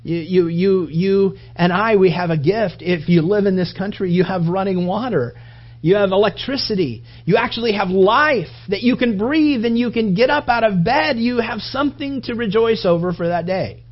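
A man's voice: high voice, normal speed, muffled recording. A man preaching a sermon in a conversational, rambling way, often restarting his sentences.

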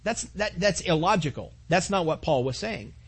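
A man's voice: a little high, animated, moderate pace, breathy edge. A man preaching a sermon to his congregation, earnest, with repetitions and asides to the listeners. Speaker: pastor.

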